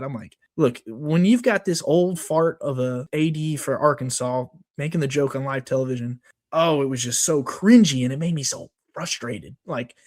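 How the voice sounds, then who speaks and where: A man co-hosting a sports podcast, ranting in a casual, worked-up way with lots of fillers and restarts. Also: on the high side. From Texas. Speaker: podcast co-host.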